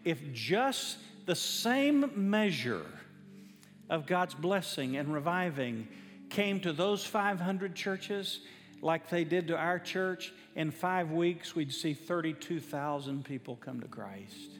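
A high-voiced man preaches in a church sanctuary, telling a story with emphatic, fervent energy. His voice carries a long hall reverb, and soft music plays underneath. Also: expressive, slow pace. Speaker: pastor. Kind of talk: sermon storytelling.

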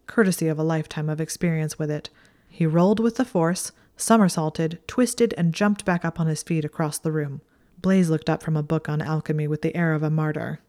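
A woman narrating a story in a steady, even storytelling manner. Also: deep voice. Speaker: audiobook narrator. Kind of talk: scripted narration.

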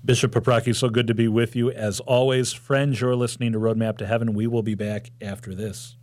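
A man's voice: mid-range voice, flat delivery, fairly quick, darkish tone, no room sound. A man hosting a Catholic radio show, talking and leading prayers. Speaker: radio host.

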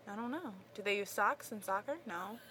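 Bright, playful young woman co-host. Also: mid-range voice, slight background noise. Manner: giggly and playful. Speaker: podcast co-host. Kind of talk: casual chat reading listener mail.

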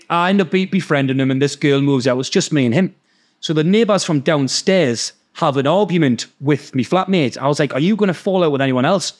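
Animated Geordie man telling stories. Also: a little high. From North East England. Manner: animated, swears a lot, acts out voices. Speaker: podcast guest storyteller. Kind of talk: casual storytelling.

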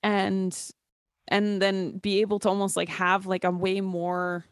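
A woman's voice: mid-range voice, monotone, a little slow, dry recording, clean studio sound. A young woman, mother of a little boy, rambling through a casual conversation with many fillers and restarts. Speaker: podcast co-host.

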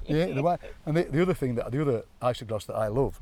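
A man with a Yorkshire accent chatting on an outdoor walk, an animated storyteller who mimics local accents and laughs often. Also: mid-range voice, quick pace, distant mic. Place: outdoors by a graveyard.

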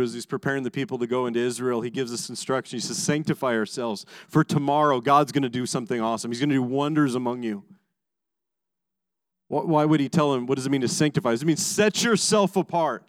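Emphatic pastor, clear voice. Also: male voice, high-pitched, dry recording. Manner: emphatic, swings between raised and hushed delivery; repeats words when starting sentences. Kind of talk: sermon.

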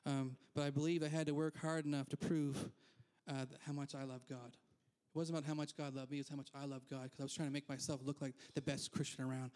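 A man's voice: medium pitch, little pitch movement, quick pace, few pauses, a little mellow. A man preaching a conversational sermon as pastor in a church, candid and self-deprecating, with frequent asides.

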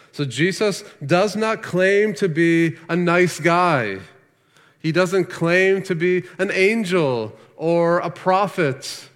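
A man's voice: a little high, fairly bright tone, in a large hall. A man preaching a sermon as pastor, earnest and emphatic, asking rhetorical questions.

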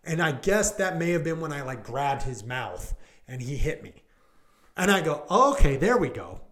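A man's voice: fairly high pitch, big pitch swings, normal speed, a bit bright. A male police deputy, probably in his thirties, casually retelling a call with lots of "like" and "I go" and acting out what people said. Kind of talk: casual storytelling in a podcast chat.

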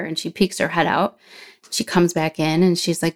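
Brief: female interview guest, lower register, animated storyteller who acts out dialogue and slows when moved.

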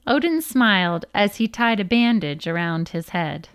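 A woman's voice: medium pitch, lively intonation, moderate pace, clear, resonant tone, dry recording, clean studio sound. A woman reading a children's book aloud, careful with her words and stopping to spell out hard names. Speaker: storyteller.

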